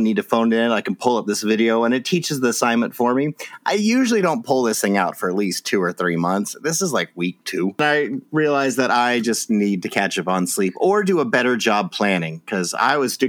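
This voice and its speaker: A man hosting a casual podcast with teacher friends, joking around and swearing freely. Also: medium pitch. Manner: playful, hyped introductions, frank swearing. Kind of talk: casual chat.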